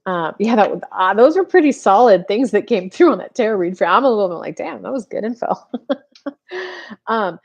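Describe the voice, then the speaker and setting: In a chatty live-stream tarot reading, a woman in her thirties says "like" constantly and acts out little invented dialogues. Her mid-range voice is creaky, with lively intonation at a normal speed.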